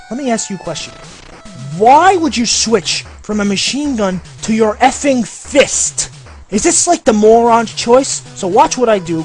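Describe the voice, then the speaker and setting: A man ranting sarcastically over gameplay as a game reviewer, swearing constantly and sounding fed up. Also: high-pitched. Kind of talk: profane gameplay commentary rant.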